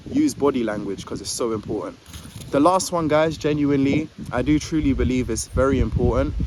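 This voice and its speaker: A young man giving casual advice to the camera outdoors in a park. He rambles, fills gaps with "like", and stammers a little. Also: medium pitch. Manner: rambling, filler-heavy, says "like" a lot; a little jittery, stammers on words. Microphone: phone or camera held facing him. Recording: outdoor street noise with passing traffic.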